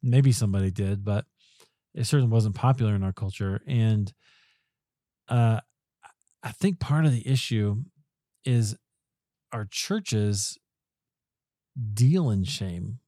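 Man, podcast host, low pitch, dry close sound, halting and thoughtful. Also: warm tone, no echo. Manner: thoughtful, halting speech with frequent restarts. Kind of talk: conversational interview.

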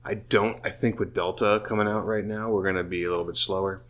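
A man's voice: fairly low pitch, steady tone, quick pace, fairly bright tone. A man chatting casually, tipsy and profane, rambling with restarts. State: drunk. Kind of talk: casual chat.

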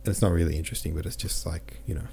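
A podcast host talking through a novel in a loose, rambling way. His voice sits low and has a dark, mellow tone. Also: rapid-fire, gravelly, a little hiss or hum. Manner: rambling, conversational, reads listener comments aloud. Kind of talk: casual book discussion.

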